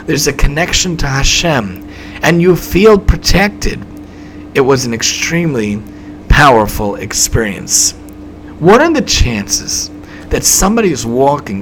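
Male preacher, emphatic storytelling sermon, lively slightly high voice, faint background hum. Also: low-quality recording. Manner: emphatic, repetitive, dramatic swings in delivery.

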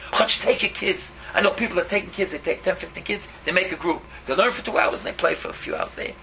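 A man's voice: high voice, fast talker, creaky, sharp tone, dull audio, slight background noise. A man preaching an impassioned sermon, pleading and fiery, weaving Yiddish and Hebrew words into his English.

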